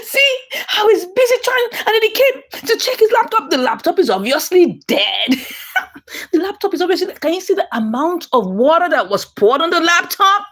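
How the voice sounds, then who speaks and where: Excitable high-voiced woman. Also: normal speed. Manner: excitable, exclaiming and laughing often. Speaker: movie recap commentator. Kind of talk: animated episode recap.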